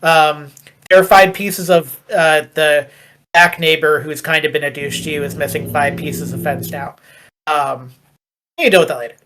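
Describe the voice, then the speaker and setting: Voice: medium pitch, steady tone, normal speed, a bit bright. Rambling tabletop game master. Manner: rambling, joking asides.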